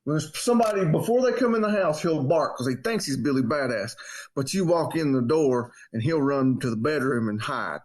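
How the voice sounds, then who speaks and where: A man casually telling a story on a podcast and acting out the quotes in a raised voice. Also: brisk. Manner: animated storyteller, acts out quotes in a high voice. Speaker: podcast co-host.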